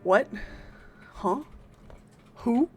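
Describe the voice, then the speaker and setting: An excitable woman streams a game and keeps up a playful chatter with her viewers. Her voice sits a bit high and leaps up and down as she teases them, and soft music plays underneath. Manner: playful and excitable, greeting chat, quick bursts of teasing. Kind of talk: casual live-stream chat with viewers.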